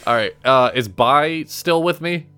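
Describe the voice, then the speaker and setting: A man's voice: a little high, lively intonation, a little slow, sharp tone, clean tone, soft background music. A man playing a tabletop role-playing game, talking casually and swearing now and then. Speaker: player.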